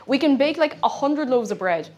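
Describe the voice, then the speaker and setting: A woman's voice: high-pitched, lively intonation, moderate pace, darkish tone. A young woman streamer chatting casually and rambling while she cooks, with frequent exclamations. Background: faint music.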